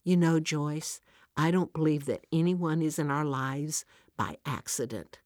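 A woman voicing a kind, caring churchgoing friend who speaks gently and reassuringly in a told story. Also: sits low, unhurried, no room sound, clean studio sound.

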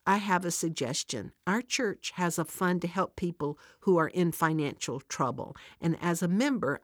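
A woman voicing a kind, caring churchgoing friend who speaks gently and reassuringly in a told story. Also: lowish voice, no room sound, clean studio sound, natural voice.

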